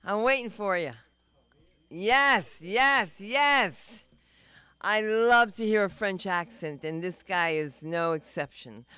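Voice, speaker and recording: Male emcee, high and crisp, slow hype delivery, off-mic. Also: animated, sharp tone, no room sound. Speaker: show host. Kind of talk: hyping up the crowd. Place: comedy club stage.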